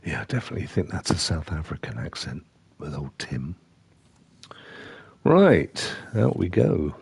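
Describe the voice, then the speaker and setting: A man's voice: very deep voice, sing-song, unhurried, gravelly, a little mellow, husky, no echo. A man casually commentating a game he is playing, chatty and rambling. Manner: chatty, rambling asides over gameplay. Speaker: game streamer. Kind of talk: casual let's-play commentary.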